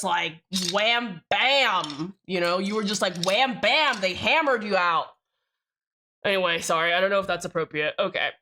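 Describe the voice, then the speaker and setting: With a medium-pitched, bright and forceful voice, a young woman chats to her stream as she assembles a keyboard. She rambles, cuts herself off partway through thoughts, swears freely and answers viewers.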